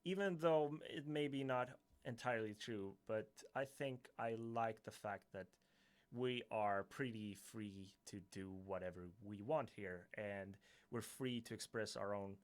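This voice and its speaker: A man's voice: fairly low pitch, unhurried, no room sound. Swedish man hesitantly chatting on a livestream. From Sweden. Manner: hesitant, filler-heavy, self-correcting, chuckling. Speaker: YouTuber answering chat questions. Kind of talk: casual livestream Q&A.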